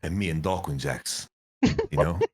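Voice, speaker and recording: A man's voice: extremely low pitch, moderate pace, slightly rough. A young man, an esports coach, telling stories in a casual interview, swearing, laughing often and acting out the voices of people he quotes.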